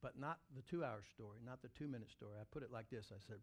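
A man, a pastor, telling a story in a sermon, animated and acting out the scene. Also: mid-range voice, fast, few pauses.

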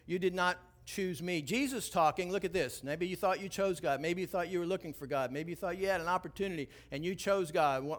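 Man, pastor, high voice, bright tone, sermon, lively storytelling. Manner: animated storytelling, drops low and quiet for tense moments, then rises and preaches.

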